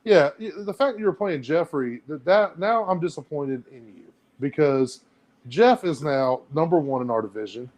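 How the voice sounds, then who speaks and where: A man's voice: fairly high pitch, expressive, moderate pace, darkish tone. A man co-hosting a casual podcast, teasing his friend in an easygoing way. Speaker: podcast co-host. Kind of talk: casual chat.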